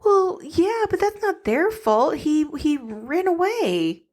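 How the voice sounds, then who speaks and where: A woman's voice: very high-pitched, big pitch swings, slow pace, darkish tone. A young adult woman co-hosting a podcast in casual chat, giggly and teasing, with many restarts as she recaps a plot. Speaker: podcast co-host.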